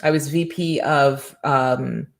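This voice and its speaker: A woman's voice: a bass voice, steady tone, slow pace, gravelly. A middle-aged woman hosting a morning show, giving a faith-based motivational talk with an emphatic, preacherly rhythm and repeated rhetorical questions.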